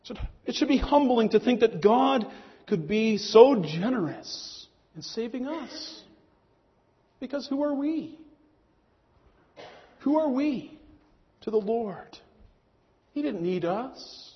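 A man's voice: very high-pitched, animated. Male pastor, earnest sermon delivery, muffled recording with hall reverb. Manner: earnest preaching, slowing on key phrases. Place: church hall. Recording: muffled long hall echo.

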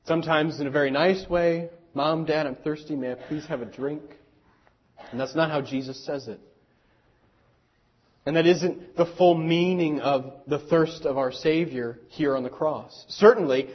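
Man preaching a sermon, husky tone, fairly high voice, earnest and deliberate, muffled lo-fi sound. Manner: earnest, slow and deliberate, with dramatic pauses; speaks directly to children in the congregation. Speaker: pastor.

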